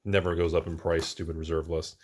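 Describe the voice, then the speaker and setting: A man hosting a casual show-and-tell of his card collection, chatty and wisecracking, jumping between excited bursts and low mutters. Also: fairly quick. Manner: wisecracking, self-mocking.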